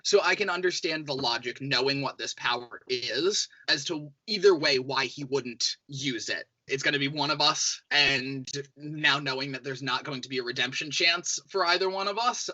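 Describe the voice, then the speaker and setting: An earnest man contestant talking through the vote. His voice is very bright and sharp. The recording sounds dull and lo-fi. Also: fairly high pitch. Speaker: game show contestant. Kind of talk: confessional talk to camera. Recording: muffled, dull lo-fi audio.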